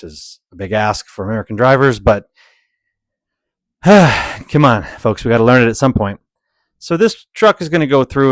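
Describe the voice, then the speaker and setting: A man's voice: mid-range voice, no room sound. A young adult man commentating on dashcam driving clips in a casual, exasperated and sarcastic way. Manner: exasperated, sarcastic, animated when ranting.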